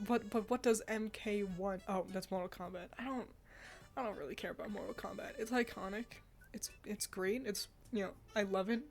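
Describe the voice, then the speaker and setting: A woman's voice: medium pitch, steady tone, a little fast, faint music behind. A woman streaming casual chat about games, talking loosely with swearing, sighs and laughs, a bit stuffy and yawning. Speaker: streamer reacting to game awards.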